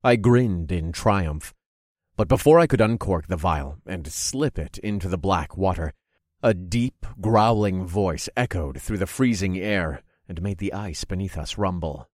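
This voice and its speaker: A man narrating a story in the first person with a measured, dramatic delivery. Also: sits low, expressive, darkish tone, dry recording, studio quality.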